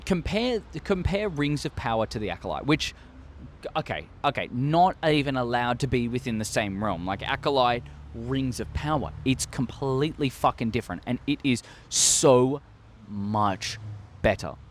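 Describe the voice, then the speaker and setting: Man, Australian accent, casual opinion vlog, rambling, excitable, frequent swearing, average pitch, desk mic. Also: moderate pace, a little hiss or hum. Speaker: show host. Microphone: desk microphone.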